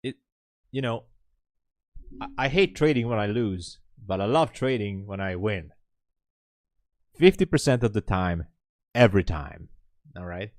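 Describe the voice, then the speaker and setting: A man talks through his trades on a live stream. He drawls slowly, half to himself, chuckling and grumbling at the screen. The sound is dry and close, with no room around it. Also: on the low side, lively intonation, darkish tone, dry recording. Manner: laughs at himself, mutters at the screen. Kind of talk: casual live-stream commentary.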